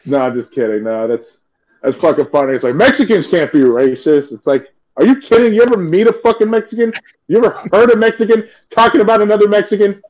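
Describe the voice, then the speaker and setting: A man talks in a loose, profane ramble, packed with filler words. His voice sits high for a man. The recording sounds dull and lo-fi. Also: animated, fast talker. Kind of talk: crude comedic casual chat.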